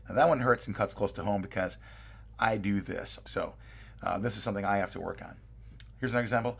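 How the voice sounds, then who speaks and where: Gravelly-voiced man giving a lecture. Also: lowish voice, fairly quick, fairly bright tone. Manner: conversational, reads quoted examples aloud, frequent "right?" and "uh". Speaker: college lecturer. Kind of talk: recorded lecture.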